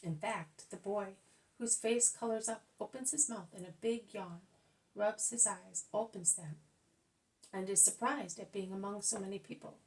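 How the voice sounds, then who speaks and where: A woman reading a religious narrative aloud as an audiobook, calm and even, with quoted speech voiced softly. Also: medium pitch, normal speed, recorded from a distance, poor audio. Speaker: audiobook reader. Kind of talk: scripted narration of religious text.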